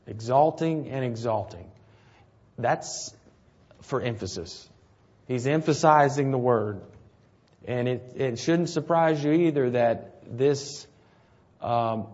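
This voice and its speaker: A man delivers a sermon at a middle pitch, talking it through in a relaxed, conversational way. He keeps checking in with his listeners through rhetorical questions. The recording sounds a little dull and lo-fi. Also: husky. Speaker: preacher.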